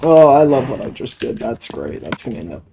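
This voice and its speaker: A man's voice: mid-range voice, very animated, brisk, creaky, mellow, slight background noise, low-quality recording. A man giving casual gameplay commentary on a cheap home microphone, rambling and swearing when things annoy him. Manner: rambling, profane, easily exasperated. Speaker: let's play gamer. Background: background music.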